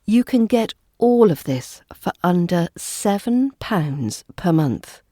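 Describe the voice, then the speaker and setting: A woman with a polished RP British accent presents a pronunciation lesson on her podcast. Her voice sits a little low and moves at an unhurried pace, with every sound carefully articulated. The recording is dry and close, with no room echo. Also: very animated, mellow. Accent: RP British English. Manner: careful, precise enunciation. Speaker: accent coach and podcast host.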